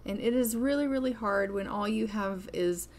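A woman's voice: mid-range voice, moderate pace, a little mellow. A woman hosting a gaming channel, giving chatty, upbeat casual commentary over her play.

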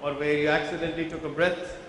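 A man gives a workshop talk, stopping often to put questions to the room. His voice sits a little high for a man. It rings through a large hall with long reverb and a faint hiss underneath. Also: level tone, fast talker. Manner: engaging, quizzes the audience, explains step by step. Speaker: visual merchandising trainer. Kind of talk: workshop lecture with audience questions. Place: large conference hall with a live audience. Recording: very echoey hall, faint background noise.

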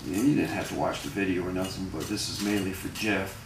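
Man, low voice, rambling casual storyteller, swears a lot, far from the mic, echoey kitchen with dishes clattering. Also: fairly even intonation, fast, heavy background noise. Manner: rambling, profane, with many fillers. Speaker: vlogger.

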